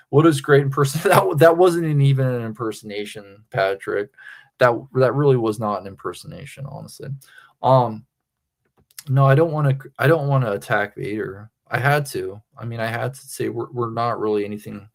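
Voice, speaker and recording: A man's voice: mid-range voice, normal speed, gravelly. Profane, taunting male streamer. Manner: repeats phrases for emphasis. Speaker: livestream host. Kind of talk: casual livestream rant.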